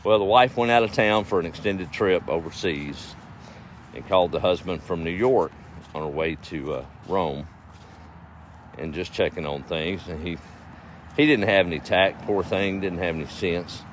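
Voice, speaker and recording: A man's voice: low-pitched, normal speed, a little hiss or hum. A man telling folksy stories in a laid-back, chuckling way, outdoors in his garden. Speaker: storyteller. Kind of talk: folksy storytelling.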